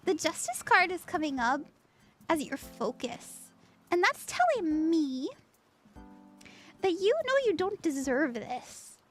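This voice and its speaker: A woman's voice: high-pitched, sing-song, takes it slowly, long pauses, fairly bright tone, soft background music. A woman streaming a casual tarot reading, chatty and giggly as she reads out chat messages.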